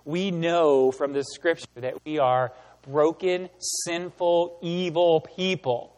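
A man giving a sermon as pastor, animated and emphatic, asking the room rhetorical questions. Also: fairly high pitch, slow, in a large hall. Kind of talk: sermon teaching.

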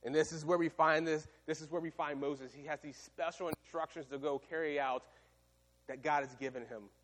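A man preaching a sermon, retelling a story with lively, animated delivery and acted-out voices. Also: fairly high pitch, normal speed, long reverb tail. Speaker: pastor.

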